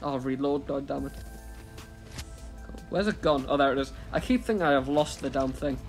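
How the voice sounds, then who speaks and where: A young British man commentating his own gameplay, excitable and self-mocking, jumping between chatter and panicked shouts. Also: medium pitch, moderate pace, faint music behind. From Britain. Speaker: gaming YouTuber.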